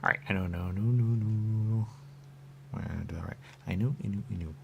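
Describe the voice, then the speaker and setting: The audio is dull with a little hiss or hum, carrying a man's lowish, creaky voice at a brisk pace. A radio talk host, he rambles in a stream-of-consciousness monologue, repeating "there you go" over and over and drifting into whispers.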